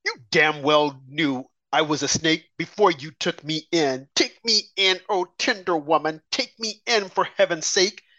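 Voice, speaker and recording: A man's voice: on the high side, measured pace, few pauses, sharp tone, dull audio. A man reading aloud the pleading refrain of a sly, ungrateful male snake in a poem, in a sing-song way. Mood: mocking.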